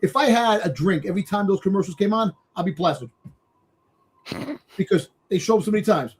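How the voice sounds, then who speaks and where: A man's voice: high voice, expressive, brisk, slightly rough. A man on a casual wrestling panel, rambling with lots of fillers and swearing.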